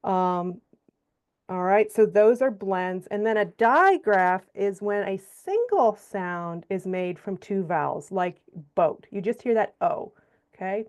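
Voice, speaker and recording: A woman at a mid-range pitch leads a phonics workshop for teachers. She walks through each example one step at a time and draws the vowel sounds out slowly. She keeps checking in with her listeners as she goes. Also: expressive, darkish tone, clean tone. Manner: explains step by step, checks in with frequent okays and all rights; sounds out syllables slowly and stretches example words. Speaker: reading teacher trainer. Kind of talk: instructional presentation.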